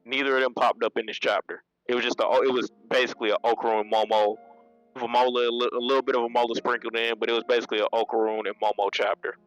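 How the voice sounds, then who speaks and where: A man's voice: medium pitch, flat delivery, fast, a bit bright, lo-fi sound, soft background music. A man giving a casual spoken manga review, retelling scenes in a loose, slangy way and laughing often.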